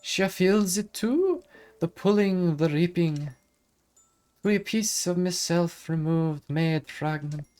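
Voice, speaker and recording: A man's voice: sits high, lively intonation, slow pace, darkish tone, clear, resonant tone, soft background music, pitched above the performer's own voice. A man voicing a bouncy, ancient female fairy in a put-on Irish accent, with dreamy, garbled, old-fashioned phrasing. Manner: lilting, garbled archaic phrasing.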